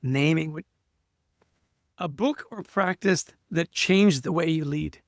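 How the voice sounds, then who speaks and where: A man co-hosting a podcast interview, chatting enthusiastically in a coaching tone and leading quick-fire questions. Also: a little high, no echo, clean studio sound. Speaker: podcast co-host. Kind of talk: casual interview chat.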